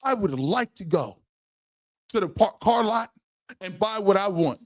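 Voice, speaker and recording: A man's voice: high voice, expressive, unhurried, long pauses, dry recording, studio quality. A man in his forties hosting a live sports talk stream, telling comic stories and acting out the voices of the people in them. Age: 40s. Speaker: sports talk show host.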